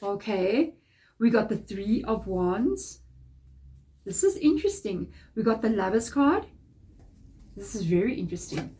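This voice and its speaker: Reading tarot casually, an African woman speaks through a stuffy, nasal nose in a mellow mid-range voice with big pitch swings. She goes a little slowly with long pauses, staying chatty and encouraging in loose, rambling sentences.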